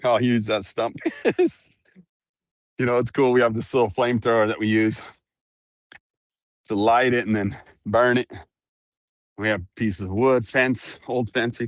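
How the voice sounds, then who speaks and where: A man's voice: medium pitch, a little slow, long pauses, no echo, clean studio sound. A middle-aged man chatting casually through an earbud mic while walking around his ranch outdoors, laughing often and cooing at his dogs. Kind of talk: casual walk-around vlog.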